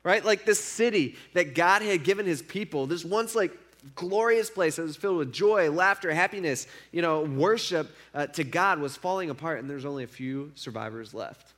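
A man's voice: fairly high pitch, animated, moderate pace, fairly bright tone. A young man giving a casual sermon, retelling a story in a conversational way with lots of fillers. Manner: conversational, filler-heavy storytelling with acted quotes. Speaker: preacher.

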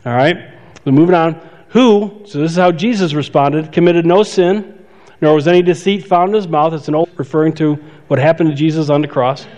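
A man's voice: on the high side, brisk, a little mellow. Man preaching in a reverberant hall. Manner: conversational preaching with frequent restarts and asides. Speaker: pastor. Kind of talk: sermon. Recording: dull sound with long hall reverb.

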